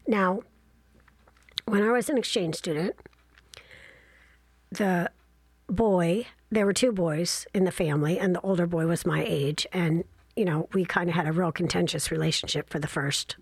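Woman, 60s, husky breathy voice, dry close sound, chatty self-mocking storyteller. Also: lowish voice, normal speed, pauses often, no room sound. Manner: chatty, self-deprecating, animated asides. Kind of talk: casual travel storytelling.

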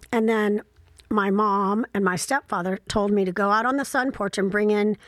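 A middle-aged woman from Ohio talks through memories as a mother, her tone candid and wryly reflective, with a few ums and likes along the way. Her voice sits at an ordinary middle pitch. The recording is dry and close, with no room sound. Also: no echo. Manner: candid, reflective, wry, with frequent fillers. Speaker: mother telling personal stories. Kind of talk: casual personal storytelling.

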